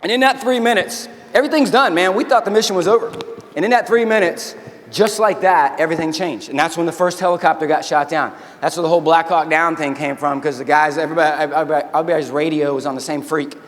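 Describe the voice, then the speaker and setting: A man giving an animated keynote talk, telling a story, acting out the quotes and calling the crowd "y'all". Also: a little high, fast. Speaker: keynote speaker, army veteran. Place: large convention hall. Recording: long hall reverb.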